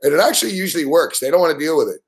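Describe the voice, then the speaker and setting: Host, middle-aged man from Canada, slightly high voice, brash, profane, laughing rambler. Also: animated, racing. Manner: rambling, brash, swears constantly, laughs often. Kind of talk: profane late-night betting chat.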